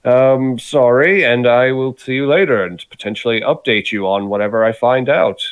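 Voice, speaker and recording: A man's voice: medium pitch, normal speed, clear, resonant tone, dry recording, muffled recording, natural voice. A man voicing a scaly, non-human male scholar who talks in a courteous, nerdy, formal way. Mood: sheepish.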